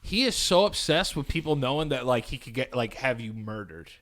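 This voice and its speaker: A man's voice: medium pitch, animated, fairly quick, a bit bright. Wry, joking male podcast co-host. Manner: wry, does mocking impressions. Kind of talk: casual chat.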